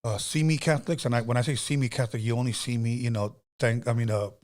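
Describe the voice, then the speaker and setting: A man's voice: medium pitch, fairly even intonation, fast talker, darkish tone. A man hosting an interview, asking probing follow-up questions and answering with short affirmations. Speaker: host.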